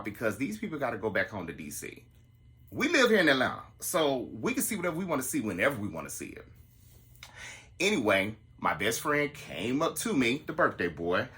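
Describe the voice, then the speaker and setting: Animated storytelling man, bright voice. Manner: animated, acts out the quotes in a higher voice. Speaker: podcast host telling a story. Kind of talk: casual storytelling to listeners.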